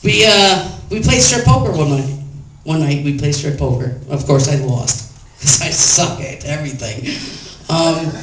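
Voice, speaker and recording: A woman's voice: low-pitched, unhurried. A tipsy woman doing a rambling, bawdy stand-up routine on a pub stage, often laughing at her own jokes. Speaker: stand-up comedian. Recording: echoey pub, distant camera, noisy.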